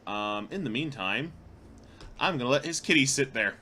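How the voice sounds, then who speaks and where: A man's voice: mid-range voice, expressive, normal speed, pushed and bright. A man streaming a card game, commenting casually and cracking dry, teasing jokes with a friend.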